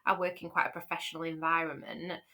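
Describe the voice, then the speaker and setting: A woman with a light Yorkshire accent chats on a casual podcast, her speech full of fillers and restarts. Her voice sits a little low but comes across bright and forward. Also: little pitch movement, fast. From Yorkshire, England. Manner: chatty, rambling with fillers and restarts. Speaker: podcast co-host. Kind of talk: casual chat.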